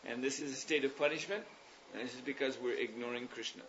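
A man leading a religious class, explaining ideas at length in a thoughtful, meandering way with pauses and fillers. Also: medium pitch, a bit bright, a little hiss or hum. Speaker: spiritual teacher leading a class. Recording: dull lo-fi recording.

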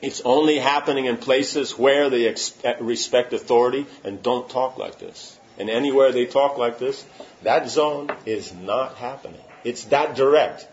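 A man's voice: mid-range voice, measured pace. A man giving an informal religious talk, answering questions emphatically and often checking that listeners follow. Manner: emphatic, keeps asking "you know what I'm saying?". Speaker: spiritual teacher. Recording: muffled lo-fi recording.

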